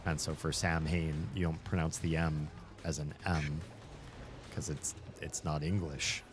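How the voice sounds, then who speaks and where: A man's voice: extremely low pitch, flat delivery, unhurried, background noise. A male streamer hosting a casual chat while gaming, rambling thoughtfully and laughing often. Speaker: streamer and host.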